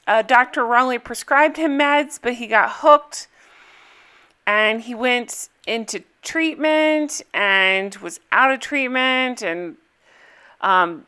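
Bright, crisp chatty woman recapping TV. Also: high voice. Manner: chatty and gossipy, with frequent fillers. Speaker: reality TV recap host. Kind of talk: casual episode recap.

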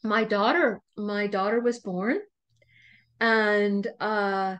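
A middle-aged woman talks as a podcast guest, retelling a personal story with animated energy. She laughs often as she goes. Her pitch sits in an ordinary middle range. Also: slow pace. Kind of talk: storytelling in conversation.

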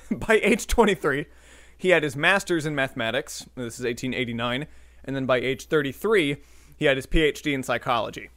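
A man's voice: mid-range voice, brisk, fairly bright tone, dry recording. A man co-hosting a podcast, reading scripted history notes with joking asides and the odd slip of the tongue. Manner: reads notes with joking asides and occasional slips. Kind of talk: scripted history narration mixed with casual chat.

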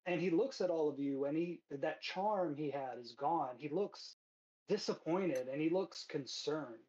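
A man running a tabletop game, narrating in a casual, halting way with many small fillers. His voice is fairly high for a man. The recording is slightly muffled, like voice chat. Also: darkish tone. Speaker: game master.

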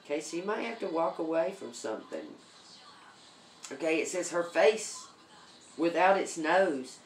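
A woman's voice: sits low, animated, measured pace, roomy sound, a little hiss or hum. A woman giving a casual tarot reading, chatty, with many ums and repeated okays. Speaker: tarot reader.

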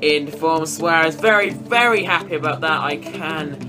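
A young man giving excitable, sweary live commentary on a football video game, shouting at goals. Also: on the high side, normal speed, over music. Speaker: gaming commentator.

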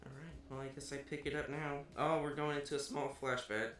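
A man co-hosting a podcast, chatting casually through a manga chapter. He gets excited, swears freely and acts out the characters' lines as he reads them. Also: fairly high pitch, fairly quick. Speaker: podcast co-host. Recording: echoey room.

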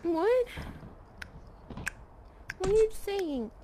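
A young woman chatting casually while role-playing in a VR game, her voice pitched very high. She speaks in an unhurried, soothing way, trailing off into sighs and fillers as she comforts the creatures around her. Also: big pitch swings, slight background noise. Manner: soft, comforting, hesitant with many ums and sighs. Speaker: VR game streamer.

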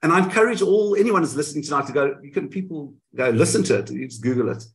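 Animated man telling stories. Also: fairly high pitch, fast talker, rough recording. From South Africa. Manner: animated storytelling, frequent self-corrections. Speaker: guest. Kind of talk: candid interview recounting events.

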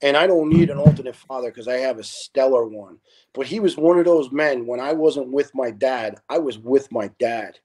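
Animated, profane New storyteller man. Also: medium pitch, normal speed, slightly rough. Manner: animated, profane storyteller who acts out dialogue. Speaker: podcast guest, retired fire lieutenant. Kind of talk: casual storytelling.

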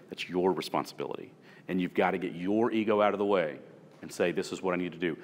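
A man's voice: low voice, long reverb tail. A man leading a supervisory training session, telling stories from his own work and asking the group rhetorical questions. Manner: conversational, story-driven, asks rhetorical questions. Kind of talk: workplace training talk.

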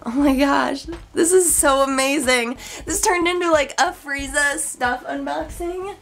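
A woman's voice: high voice, unhurried, gravelly, hardly any pauses, a bit bright. A young woman vlogging an unboxing, gushing with squealing exclamations and chatty asides, her voice cracking. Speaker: YouTuber. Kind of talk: excited unboxing vlog.

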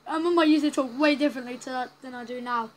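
A woman's voice: high voice, very fast, a little hiss or hum, low-quality recording. A woman giving casual, rambling commentary while playing a story game, reacting aloud as she goes. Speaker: gaming channel host. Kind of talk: casual let's-play commentary.

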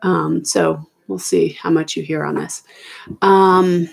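A middle-aged woman reviewing history for an exam, explaining casually with many ums and quick self-corrections, recorded at home. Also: deep voice, fairly even intonation, gravelly, slightly rough. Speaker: history teacher. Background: children arguing in the background.

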